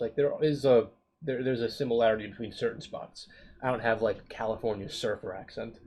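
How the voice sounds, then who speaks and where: A man's voice: lowish voice, steady tone, brisk, a little mellow. A man co-hosting a casual podcast, blunt and profane, packing his speech with "like". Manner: blunt, profane, heavy use of "like". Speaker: podcast co-host. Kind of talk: casual chat.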